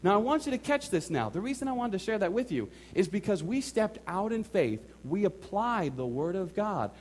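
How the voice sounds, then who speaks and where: A man preaching a sermon, telling a personal story with animated acted-out quotes and repeated phrases for emphasis. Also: high-pitched, normal speed. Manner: animated storytelling, acts out his own and others' quotes. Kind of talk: sermon testimony.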